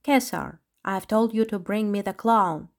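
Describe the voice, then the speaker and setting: A woman's voice: medium pitch, measured pace, lightly acted. A woman voicing a worried lion parent whose sons were taken, speaking in distress. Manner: distressed, sobbing quietly.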